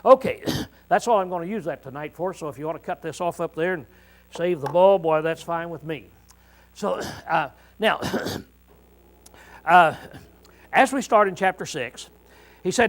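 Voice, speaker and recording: Folksy preacher man, throat-clearing. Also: on the high side, measured pace, pauses often, fairly bright tone, rough recording. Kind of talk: informal Bible teaching to a congregation.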